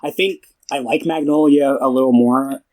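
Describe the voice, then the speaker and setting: A young man co-hosting a casual film podcast, retelling a movie scene with excitement and plenty of swearing. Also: mid-range voice, normal speed, rough recording. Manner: excited, profane retelling with acted quotes. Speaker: podcast co-host.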